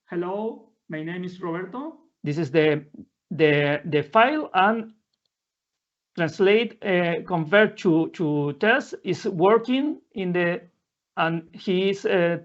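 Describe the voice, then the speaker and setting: Halting man in a slow, dull-sounding software demo. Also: high-pitched. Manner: halting, many fillers and restarts; speaks non-native English. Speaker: presenter. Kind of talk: live software demo talk. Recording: dull lo-fi audio.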